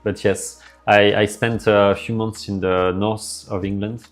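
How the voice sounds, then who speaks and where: Relaxed man with a French accent. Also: on the low side, measured pace, soft background music. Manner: rambling, answers chat messages aloud. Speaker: live streamer. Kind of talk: casual live-stream chat.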